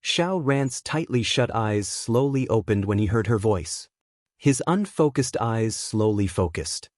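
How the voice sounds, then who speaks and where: A man reading an audiobook as its narrator, in an expressive storytelling way. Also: medium pitch, dry recording, studio quality. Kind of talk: scripted narration.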